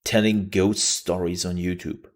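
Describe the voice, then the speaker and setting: A man's voice: low-pitched, flat delivery, measured pace. A man streaming live, chatting casually and joking often.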